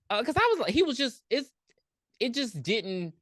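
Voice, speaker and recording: A woman co-hosting a podcast, recapping a movie in blunt, profane, animated casual chat. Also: a little high, moderate pace. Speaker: podcast co-host.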